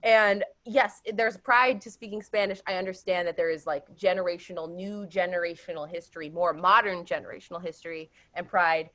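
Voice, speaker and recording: A woman's voice: lowish voice, a little fast, hardly any pauses, bright, forceful tone. A woman on a panel, talking casually and emphatically, with lots of fillers. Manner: chatty and emphatic, many "like" fillers.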